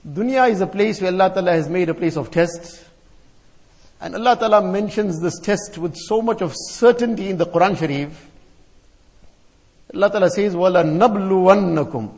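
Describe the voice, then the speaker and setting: Male preacher, high voice, measured rhythmic lists, long reverb of a large hall. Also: a little mellow. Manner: chants Arabic verses, then explains them; repeats phrases in rhythmic lists. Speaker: Islamic scholar giving a talk. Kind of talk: sermon.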